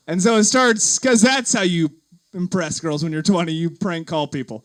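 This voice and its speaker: A young man telling a funny story on stage to a live audience, animated and giggly, full of likes and uhs. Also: high-pitched, moderate pace, slight background noise.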